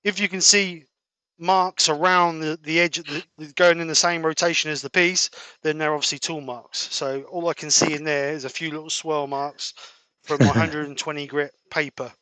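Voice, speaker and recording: A man explaining woodturning steps on a live stream, steady and step-by-step. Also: on the high side, moderate pace, clear, resonant tone, dry recording, rough recording. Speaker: woodturning demonstrator. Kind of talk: live-stream turning demo.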